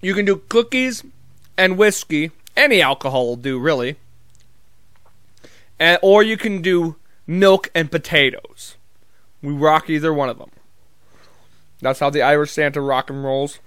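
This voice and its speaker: A man's voice: fairly high pitch, unhurried, pauses often, a bit bright, smooth, no echo, studio quality. A man vlogging in a casual comedic monologue, telling rambling, profane, jokey stories.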